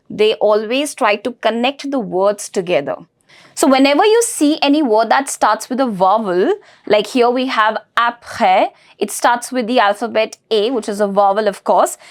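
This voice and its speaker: Woman language teacher, slow and patient, drills pronunciation. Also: on the high side. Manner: slow, patient, repeats words for learners. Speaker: French teacher. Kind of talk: language lesson.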